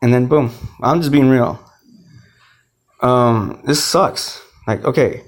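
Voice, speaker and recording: A man's voice: medium pitch, slow. Rambling, emotional man talking. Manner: emotional, rambling, swears often, restarts sentences. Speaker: speaker telling his own story. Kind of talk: rambling personal monologue.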